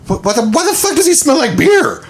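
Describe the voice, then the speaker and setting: A woman's voice: high-pitched, sing-song, fairly quick, pitched above the performer's own voice. A man putting on a frantic, swearing mom. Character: panicked, furious mother defending her hurt son.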